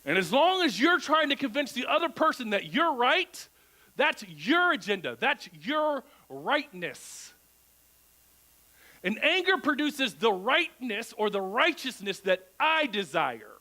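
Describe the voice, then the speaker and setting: Animated bright-voiced man preaching. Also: very high-pitched, unhurried, poor audio. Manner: animated, asks the crowd rhetorical questions. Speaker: pastor. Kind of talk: conversational sermon. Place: church.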